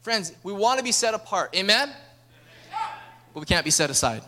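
Young man, pastor preaching a sermon, fairly high voice, energetic storytelling. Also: normal speed.

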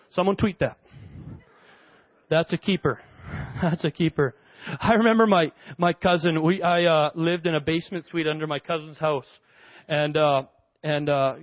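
A male pastor preaching a sermon, telling stories in an animated way and laughing often. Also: sits high, no room sound. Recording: dull lo-fi dry sound.

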